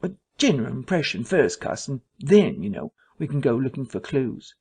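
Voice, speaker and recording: A man voicing an anxious, evasive country vicar in a story reading, hesitant and fastidious. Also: medium pitch, sing-song, a little mellow, slightly rough.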